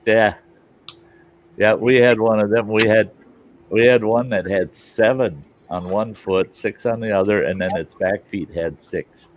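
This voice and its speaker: A man's voice: fairly low pitch, measured pace. A man casually telling rambling, profane stories and laughing often, in a dull lo-fi recording with faint hiss. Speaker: host. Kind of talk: casual storytelling chat.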